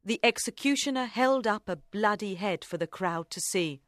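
A woman's voice: mid-range voice, animated, moderate pace, heavy background noise. Woman reading an audiobook evenly. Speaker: narrator.

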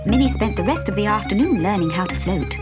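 A woman narrating a children's storybook with an expressive, animated reading. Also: mid-range voice, quick pace. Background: background music.

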